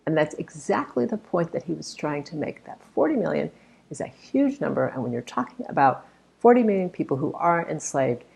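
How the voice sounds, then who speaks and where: Woman, speech coach, gravelly voice, lively pitch, emphatic critique. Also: brisk. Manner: explanatory, emphatic, gestures with voice to demonstrate. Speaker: public speaking coach.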